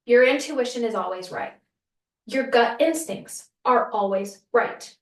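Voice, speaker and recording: A woman with a somewhat high voice tells a story on her own podcast in an earnest, chatty way. She acts out what people said as she goes. The sound is roomy and set back from the microphone. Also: lively intonation, unhurried, fairly bright tone, far from the mic. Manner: earnest, conversational, acts out quotes. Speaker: podcast host.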